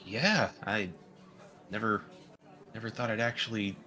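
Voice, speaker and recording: A man's voice: on the low side, measured pace, pushed and bright, faint music behind. A man voicing a shy, hesitant young street drummer in a tabletop game. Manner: hesitant, stammering, self-deprecating.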